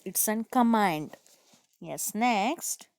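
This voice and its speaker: A woman school teacher with an Indian English accent, giving an online grammar lesson to children, explaining slowly and answering her own questions. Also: medium pitch, expressive, dry recording. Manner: slow, repetitive explaining, asks and answers herself.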